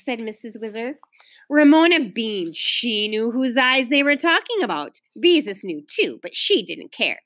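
A middle-aged woman teacher reads a children's novel aloud to her pupils, telling it clearly and expressively. Her voice sits fairly high with lively swings of pitch. The sound is close and dry. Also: normal speed, dry recording.

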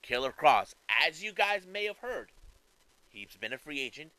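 Animated, bright-voiced man commentating on wrestling. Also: on the high side, moderate pace, no echo, poor audio. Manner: animated, conversational, fillers and restarts. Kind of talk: casual commentary.

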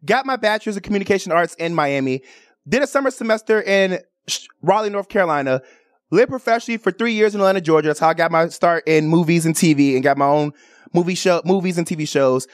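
A woman's voice: lowish voice, fast talker, no echo, studio quality. A woman from Chicago hosting a radio and TV talk show, chatting casually with playful, theatrical outbursts. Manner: animated, playful, theatrical cries and bird calls. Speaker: radio and TV host. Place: radio studio.

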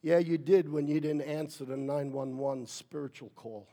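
A man preaching a sermon as pastor, with playful asides, building from quiet talk to shouted preaching. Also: fairly high pitch, fairly even intonation, moderate pace.

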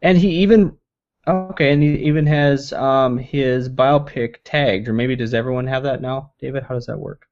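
A man's voice: medium pitch, moderate pace. A man co-hosting a casual tech podcast, rambling and correcting himself as he jokes along. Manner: rambling, self-correcting, joking. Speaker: podcast co-host. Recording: dull lo-fi dry sound.

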